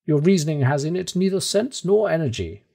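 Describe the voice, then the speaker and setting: A man's voice: a little high, lively intonation, fairly quick, vocal fry, dark tone, breathy edge, pitched above the performer's own voice, heavily acted. A man voicing a stern, determined older male professor in an audiobook reading, with a firm, lecturing manner. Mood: firm, resolute. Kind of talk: audiobook character voice.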